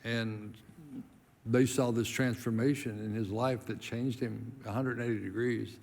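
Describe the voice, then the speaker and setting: A man hosting a ministry conversation, recalling events in a relaxed, conversational way. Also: medium pitch, unhurried. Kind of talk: casual ministry talk.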